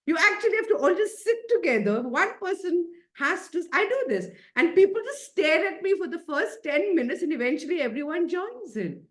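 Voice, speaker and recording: A woman's voice: very high voice, sing-song, moderate pace, few pauses. A woman, a happiness coach giving a chatty, playful self-care talk over a video call, often laughing and coaxing her listeners.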